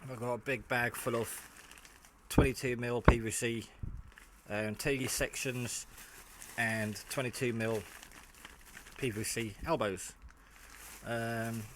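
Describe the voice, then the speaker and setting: A man's voice: mid-range voice, fairly even intonation, slow pace. A tired man in a casual home-build vlog, talking in a rambling, chatty way with many fillers while he works. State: tired, half asleep. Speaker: hobbyist maker. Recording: faint background noise and clicks.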